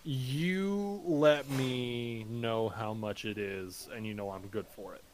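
A man plays a tabletop game, speaking in character. He halts often, restarting his phrases between fillers. His pitch sits in the middle. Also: slight background noise. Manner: halting, lots of restarts and fillers.

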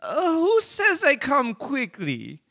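A man doing a comic German accent, voicing a smug file-sharing mogul in a high strained voice. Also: wildly swooping pitch, slow, sharp tone, full character voice. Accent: put-on German accent.

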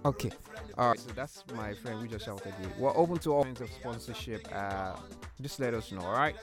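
A man's voice: mid-range voice, a little fast, over music. A man from Nigeria hosting a casual chat, joking and laughing often. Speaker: host.

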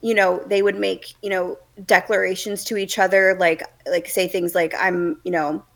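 A woman's voice: lowish voice, little pitch movement, moderate pace, vocal fry. A woman co-hosting a book podcast in casual chat, gushing and rambling with many fillers. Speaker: podcast co-host.

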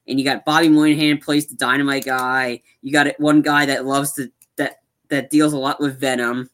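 A man on a live-streamed podcast, talking casually and rambling about movies, acting out scenes with excitement. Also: mid-range voice, normal speed. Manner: rambling, animated, acts out movie lines. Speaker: podcast co-host.

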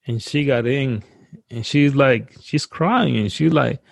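A man who grew up outside the US, earnestly recounting a frightening personal experience as a guest, in a halting way that repeats words and restarts. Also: mid-range voice, gravelly, no echo. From outside the US, now lives in the US. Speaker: guest telling a personal story.

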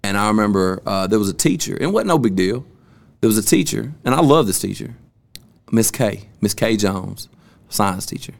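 A man's voice: fairly low pitch, animated, moderate pace, creaky. A young man on a casual podcast, telling stories from his school days in loose, slangy talk with plenty of cussing. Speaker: podcast host.

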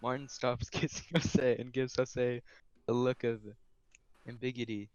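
A young man reads a silly fan story to his friends, taking it slowly and often laughing. His voice sits mid-range. The sound is dry and close. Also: mid-range voice, flat delivery, a little mellow, clean tone, no room sound, dull audio. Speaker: podcast host reading a fanfic. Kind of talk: casual chat, reading a story aloud.

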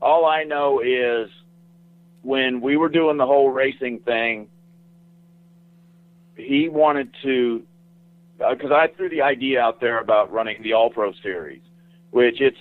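A man's voice: mid-range voice, no echo, narrow, tinny audio. A man, a guest, telling long rambling stories in a casual interview, often repeating himself.

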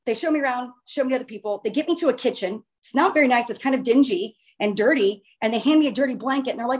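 A woman casually telling a long personal story in a chatty, animated way, with the odd swear word. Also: a little high, fast talker, few pauses.

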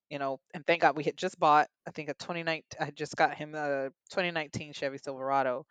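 A woman's voice: low voice, fairly even intonation, fast, hardly any pauses, smooth, dry recording, rough recording. A young adult woman, a podcast guest, candidly and earnestly telling a personal story in an interview.

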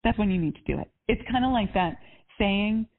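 A woman's voice: medium pitch, brisk. Upbeat woman coaching over a phone line. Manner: chatty, upbeat, many "like" fillers. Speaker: life coach. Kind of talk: coaching call.

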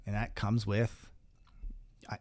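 A man's voice: lowish voice, slow pace, dry recording. Laid-back man, dry close mic. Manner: relaxed, laughs often, restarts mid-sentence. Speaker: podcast co-host. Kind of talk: casual advice chat.

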